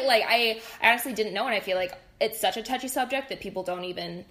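A woman's voice: medium pitch, quick pace, hardly any pauses. Woman podcast host, casual chatty questions, lots of "like" and "you know". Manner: chatty and warm, with frequent fillers and hedging questions. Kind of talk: casual interview chat.

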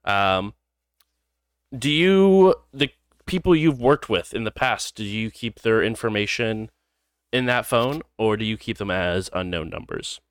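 A man with a lowish voice runs a tabletop game as game master. He is easygoing and relaxed, and keeps prompting the players with questions. The recording is close and dry. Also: measured pace, clean tone, no echo.

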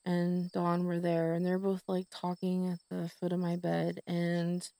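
A woman's voice: fairly low pitch, monotone, a little slow, creaky, mellow, dry recording. A middle-aged woman telling a personal story on a podcast, rambling with many fillers and restarts. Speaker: podcast host.

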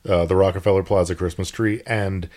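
A man's voice: sits low, steady tone, a little fast, a little mellow. A man co-hosting a podcast, chiming in with wry, casual asides. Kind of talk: casual chat.

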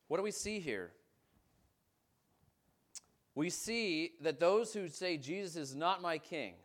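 A man preaching a sermon as pastor, reading scripture aloud and stopping to comment, moving between emphatic, rising questions and quiet, low statements. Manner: reads scripture aloud and breaks off to comment, swinging from emphatic to hushed.

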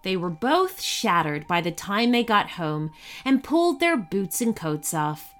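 A woman narrating a scripted children's story in an expressive, storytelling way. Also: mid-range voice, measured pace.

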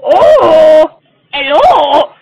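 A man doing a loud babyish man-child. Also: extremely high pitch, sing-song, drawn-out words, vocal fry, distant mic, highs cut off, exaggerated voice. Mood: silly. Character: dim, childish man-child comedy character.

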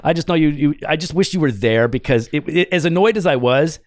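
Fast-talking, animated middle-aged pastor. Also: male voice, on the high side, dry recording, clean studio sound. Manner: animated, rising to exasperated outbursts. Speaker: pastor and podcast co-host. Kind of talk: casual storytelling chat.

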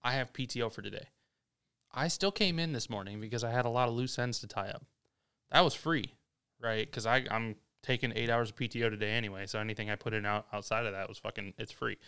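A man in casual chat as co-host, relaxed and swearing casually while telling his own story. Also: lowish voice, fast talker, smooth. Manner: laid-back, swears casually. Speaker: podcast co-host.

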